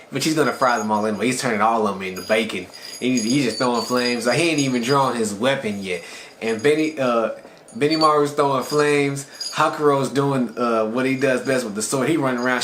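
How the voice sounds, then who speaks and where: A man retells an anime episode in a loose, excited, conversational way, as a channel reviewer. The room sounds echoey, and a faint background noise sits under his voice. His pitch is mid-range for a man. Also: fairly quick. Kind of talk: casual episode recap.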